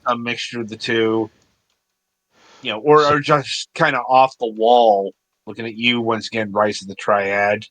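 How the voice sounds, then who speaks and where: A man hosts a relaxed interview with a bright, clear voice of middle pitch. He eases into his questions in a loose, rambling way. The recording is close and dry. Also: measured pace, no echo. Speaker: podcast host. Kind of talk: casual interview chat.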